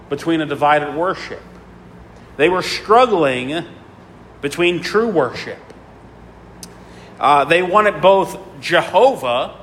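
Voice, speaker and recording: A man's voice: a little high, a bit bright, a little hiss or hum. A male pastor preaching a sermon with a repetitive, rhythmic cadence and frequent fillers. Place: church sanctuary. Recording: long reverb in a large hall.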